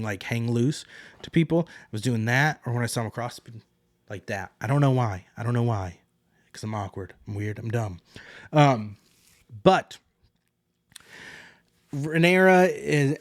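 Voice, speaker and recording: A man's voice: on the low side, dry recording, studio quality. A young man hosting a podcast alone, chatting through a recap in a rambling way and acting out quotes. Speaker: podcast host. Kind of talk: solo casual recap.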